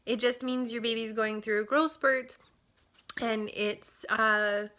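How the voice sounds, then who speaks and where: A young woman chatting casually as a vlogger about new motherhood, upbeat and relaxed with fillers and small laughs. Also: on the high side, takes it slowly. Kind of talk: casual chat. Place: home nursery.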